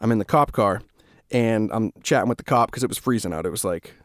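A man's voice: on the low side, brisk, no room sound, clean studio sound. A young man from Massachusetts hosting a podcast, telling a story in casual, rambling, profane talk. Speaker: podcast host.

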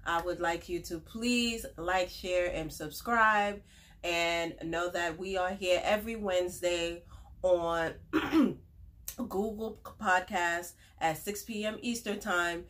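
Raspy, stuffy-voiced woman podcast host. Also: lowish voice, fairly bright tone. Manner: chatty, upbeat, many fillers. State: hoarse and stuffy from a cold. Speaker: podcast host, respiratory therapist. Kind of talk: casual podcast monologue.

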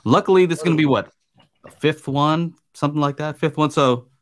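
A man hosting a podcast in casual chat, relaxed and hesitant, reading out viewer comments. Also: fairly high pitch, fairly quick. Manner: relaxed, hesitant, many fillers. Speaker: podcast host.

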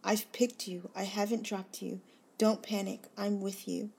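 Slow, flat-voiced woman reading scripture. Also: medium pitch, creaky, slightly rough. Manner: slow, earnest, gently emphatic reading. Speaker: devotional host. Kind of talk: scripture reading and devotional reflection.

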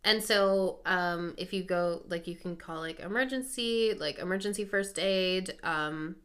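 A woman's voice: on the low side, unhurried, a bit bright. A woman co-hosting a podcast, chatting casually with lots of fillers and asides. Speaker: podcast co-host. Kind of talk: casual chat.

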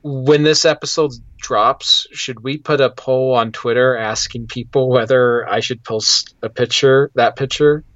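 A man's voice: mid-range voice, steady tone, unhurried, few pauses, a bit bright, no echo, highs cut off. A man co-hosting a podcast in casual chat, with dry, wry humor and frequent fillers. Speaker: podcast co-host.

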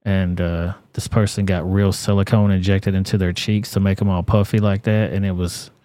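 Crude, mellow-voiced man streaming. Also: deep voice, level tone, normal speed, no echo. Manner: crude, profane, blunt. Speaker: livestream host. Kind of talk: casual commentary reading chat.

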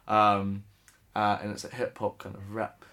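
A man's voice: on the low side, monotone, measured pace, bright, forceful tone. A young man from England co-hosting a casual podcast, laid-back and self-mocking, laughing often as he talks sport and music. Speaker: podcast co-host, sports correspondent. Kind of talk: casual chat.

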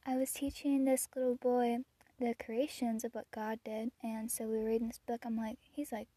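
A teenage girl hosting her own podcast, chatting casually and gushing about the children she works with, full of "like" and soft laughs. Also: on the high side, moderate pace, no room sound. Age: teens. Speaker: podcast host. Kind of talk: casual solo podcast chat.

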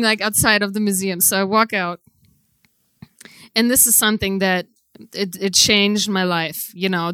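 A woman preacher telling a testimony in a casual, filler-heavy way, moving between hushed storytelling and loud, impassioned preaching. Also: medium pitch, smooth, no echo. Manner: conversational, many "like" fillers.

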